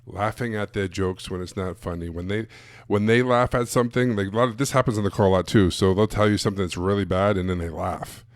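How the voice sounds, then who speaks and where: A man's voice: fairly low pitch, fast, few pauses, dry recording, clean studio sound. A man giving a blunt, casual live-streamed coaching talk to sales coaches, full of emphatic asides.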